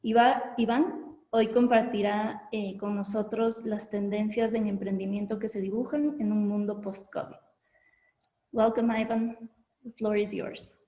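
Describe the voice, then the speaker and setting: A woman hosts an online summit and introduces the next speaker in a formal, welcoming way. Her voice is mellow and dark, and it sounds echoey, as if recorded in a bare room over a call. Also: medium pitch, level tone, moderate pace, hardly any pauses. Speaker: event host. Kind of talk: conference introduction.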